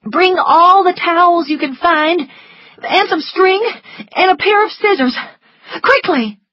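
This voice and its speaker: A headstrong young Southern woman snaps out orders in a raised, sharp voice, as a woman reader puts her on. She sounds impatient and in control. The storybook reading is dry and a little dull in tone. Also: very high voice, big pitch swings, unhurried, no room sound, voice pushed up, heavily acted. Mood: commanding. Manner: sharp, commanding. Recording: slightly muffled lo-fi, dry.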